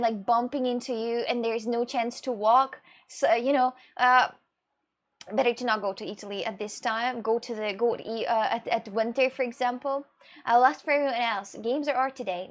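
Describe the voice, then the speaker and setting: A woman from Russia with a Russian accent, a streamer chatting casually as she answers viewer questions, rambling and expressive, often laughing and swearing. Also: a little high.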